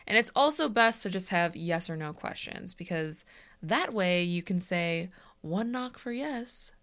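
A young woman co-hosting a casual podcast, explaining a topic from notes in a dry, deadpan way. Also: fairly low pitch, a little slow. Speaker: podcast co-host.

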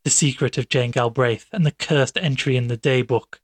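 A man narrating a classic tale as an audiobook, in a measured, dramatic way. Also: mid-range voice, breathy edge, no room sound.

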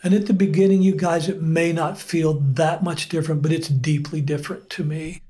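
A middle-aged male pastor telling his personal testimony as an interview guest, earnest and unhurried, with frequent pauses. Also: on the high side, fairly even intonation, dark tone.

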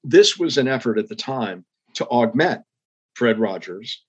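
A man's voice: mid-range voice, animated, a little slow, husky, muffled recording. An older man, a former public television executive, telling stories in an interview with earnest, reflective emphasis. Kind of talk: storytelling interview.

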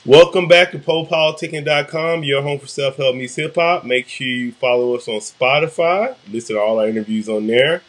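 A man's voice: mid-range voice, moderate pace, few pauses. A man hosting an interview podcast, asking friendly, slangy questions. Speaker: podcast host. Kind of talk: casual interview.

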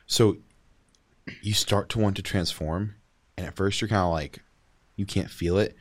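A man running a tabletop game as game master, narrating with animated storytelling that swings between hushed and loud. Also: low-pitched, a little slow.

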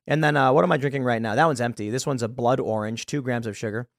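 An American podcast host with a medium-pitched voice delivers a fast, exasperated opinion rant, laughing often and repeating words. The sound is dry and clean, studio-quality.

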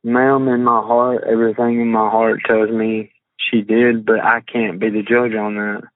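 Guy on a tinny phone call, halting drawl, lots of uh and restarts. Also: on the low side, level tone, no room sound. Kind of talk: phone interview, reading text messages aloud. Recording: tinny phone line, dry.

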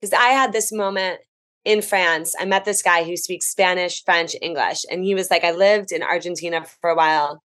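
Chatty, animated American woman guest. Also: fairly low pitch. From United States. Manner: animated, chatty, quick enthusiastic storytelling. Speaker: podcast guest, travel writer. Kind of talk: casual podcast chat.

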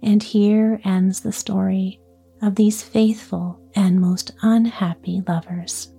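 A woman reading a storybook tale aloud in a soft, often whispery voice. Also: mid-range voice, steady tone, slow pace, gravelly, slightly rough, faint music behind. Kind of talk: scripted storybook narration.

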